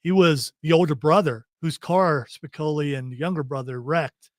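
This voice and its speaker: Middle-aged man, podcast host, fairly high voice, dry studio sound, playful teasing banter. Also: no echo. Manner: playful, teasing, fires off quick questions. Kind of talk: casual pop-culture chat.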